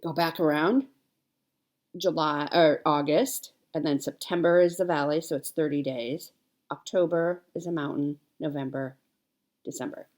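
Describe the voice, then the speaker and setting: A cross-stitch vlogger in her forties chats casually with viewers, rambling along with fillers and self-corrections. Her low-pitched voice is steady, a little mellow, and moves at a moderate pace.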